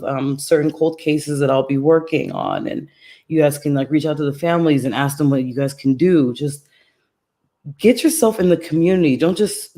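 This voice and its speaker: A woman podcaster speaking as a guest in a calm, serene, soothing voice, soft-spoken with many fillers. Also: sits low. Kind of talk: casual interview chat.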